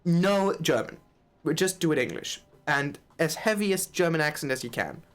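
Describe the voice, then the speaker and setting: A streamer chatting casually while playing a game, rambling, swearing and quick to laugh. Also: medium pitch, expressive. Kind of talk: casual live-stream chat.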